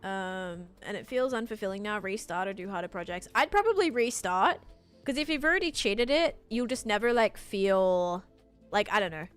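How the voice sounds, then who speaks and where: A woman's voice: mid-range voice, lively intonation, normal speed, clean tone, soft background music. Chatty woman with an Australian American accent. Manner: chatty, answers chat while narrating her building. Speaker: live streamer. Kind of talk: casual gaming stream chat. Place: home room with her PC.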